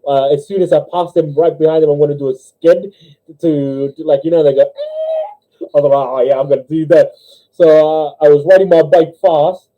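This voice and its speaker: Young kiwi guy giggling thru jokes on his stream, slightly high voice, muffled lo-fi mic. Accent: New Zealand. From New Zealand. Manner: giggly, laughs through his own jokes, squeaky voices for characters. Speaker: livestream host. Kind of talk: casual livestream chat and joke telling. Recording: dull lo-fi livestream audio.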